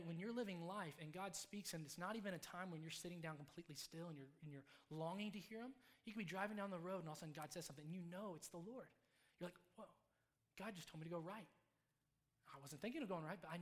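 A young man delivers a sermon as if telling stories to friends, his voice pitched a little above average. He talks casually and lets it fall to a soft hush when he wants quiet emphasis. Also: fast talker. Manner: conversational, storytelling, drops to soft hushed tones for quiet moments. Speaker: preacher.

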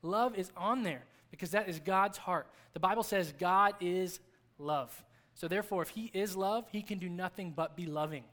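A male pastor in his thirties with a notably high voice, delivering a sermon at church. His preaching is conversational yet earnest, and he leans on repetition to drive points home. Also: normal speed, fairly bright tone. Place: church service.

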